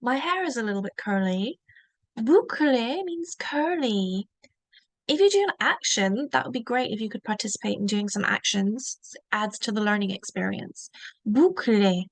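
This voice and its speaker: A woman teaching a beginner French lesson, modelling each word slowly and asking learners to repeat it. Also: mid-range voice, vocal fry, fairly bright tone, no echo. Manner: slow, drawn-out modelling of each word for repetition.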